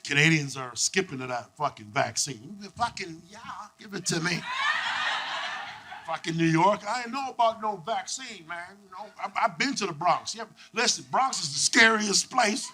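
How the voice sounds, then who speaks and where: Man, stand-up comedian, high voice, wildly swinging pitch, loud profane crowd work, noisy live club recording. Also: animated, normal speed.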